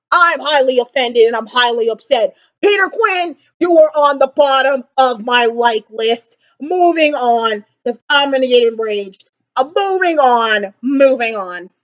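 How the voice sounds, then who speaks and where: A young woman vlogger ranting casually about a movie, animated and exasperated, with dramatic pauses. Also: high-pitched. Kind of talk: casual movie reaction rant. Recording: slightly dull lo-fi sound.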